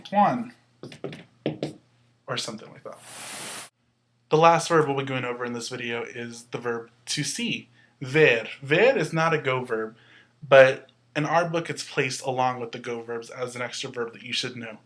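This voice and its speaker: A man teaching a Spanish lesson, explaining slowly and patiently with some fillers. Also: medium pitch, fairly bright tone. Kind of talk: recorded classroom lesson.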